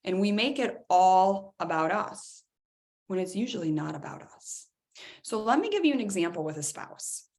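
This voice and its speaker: Picture a middle-aged woman leading a live self-help session, speaking plainly and conversationally. She slips into little acted-out bits of dialogue to make her points, keeping an easy, animated delivery. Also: medium pitch. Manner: animated, acts out quoted dialogue in other voices. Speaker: host of a self-help workshop. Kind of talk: live coaching talk.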